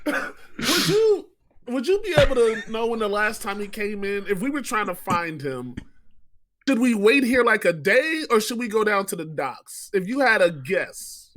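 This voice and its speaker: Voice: mid-range voice, lively intonation, moderate pace, a bit bright. A player speaking in character in a tabletop game, chatty and playful.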